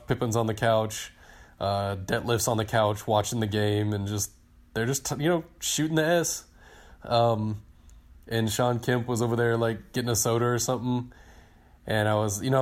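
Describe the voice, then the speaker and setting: A man in his thirties on a podcast, telling a long story in a casual, excited, rambling way and acting out what people said. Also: fairly low pitch. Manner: excited, rambling storyteller who acts out quotes. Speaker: podcast co-host, team digital director.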